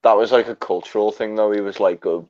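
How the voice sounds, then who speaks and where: A man's voice: fairly low pitch, fairly even intonation, fast, darkish tone, lo-fi sound. A man chatting casually, telling profane, sardonic stories. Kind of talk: casual chat.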